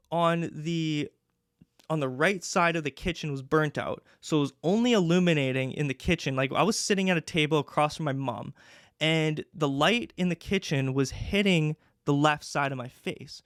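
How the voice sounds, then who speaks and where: Chatty young man, slightly high voice. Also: normal speed, a bit bright, clean tone, no echo, clean studio sound. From Canada. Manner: chatty, many fillers. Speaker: podcast host. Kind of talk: casual storytelling.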